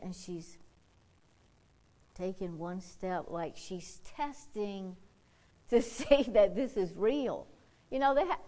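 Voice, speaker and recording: A woman preaching a sermon, telling a story with lively quoted voices and exclamations. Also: medium pitch.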